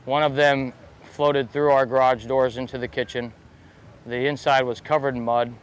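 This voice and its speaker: A man's voice: mid-range voice, level tone, normal speed, clear, resonant tone, poor audio. A man, a restaurant owner, speaking plainly in an outdoor interview. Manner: plain, proud, matter-of-fact.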